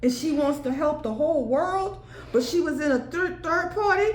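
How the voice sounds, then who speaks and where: A woman's voice: sits high, lively intonation, moderate pace, reverberant, a little hiss or hum. A woman giving a solo tarot card reading, thinking aloud and breaking into exclamations and laughter. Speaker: tarot reader.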